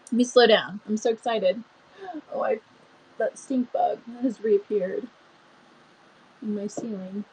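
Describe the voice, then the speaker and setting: A woman's voice: mid-range voice, steady tone, slow pace, pauses often, darkish tone, breathy edge, rough recording. A woman reading a novel aloud expressively, with chatty asides and small stumbles. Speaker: book reader.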